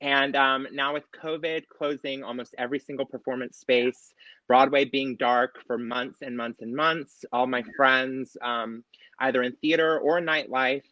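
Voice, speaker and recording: A man, a drag performer, asking a candidate an earnest question, halting with many fillers and close to tears. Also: mid-range voice, fairly even intonation, no room sound, highs cut off.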